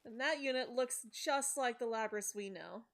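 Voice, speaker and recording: A woman's voice: on the high side, normal speed. A woman streamer chatting casually with her viewers and laughing often. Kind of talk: casual live-stream commentary.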